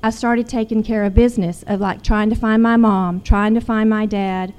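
A woman's voice: medium pitch, fairly even intonation, moderate pace, a little mellow, clear, resonant tone. A middle-aged woman, earnestly telling a personal story. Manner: earnest, growing intense when retelling. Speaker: guest sharing a personal story.

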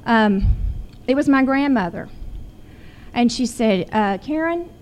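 A woman's voice: fairly high pitch, animated, slow, a little mellow. Woman telling a personal story. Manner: earnest, growing intense when retelling. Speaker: guest sharing a personal story.

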